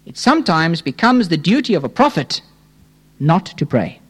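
A man preaching a sermon, fervent and questioning, dropping low and rising to urgent pleas. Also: sing-song, moderate pace, breathy edge. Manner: impassioned, swings between hushed low tones and fervent raised pleas; addresses listeners as friends, rhetorical questions.

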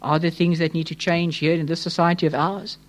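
A man's voice: fairly even intonation, fairly quick. Impassioned preacher, man. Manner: impassioned, swings between hushed low tones and fervent raised pleas; addresses listeners as friends, rhetorical questions. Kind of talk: sermon.

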